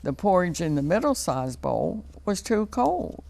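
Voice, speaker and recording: Slow, gravelly woman reading a storybook. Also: on the low side. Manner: slow, expressive, sing-song. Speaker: children's storyteller on local TV. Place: TV studio.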